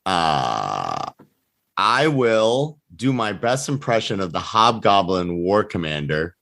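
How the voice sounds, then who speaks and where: A man playing a tabletop game, deliberate and wry. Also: low-pitched, very animated, creaky, a bit bright. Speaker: player.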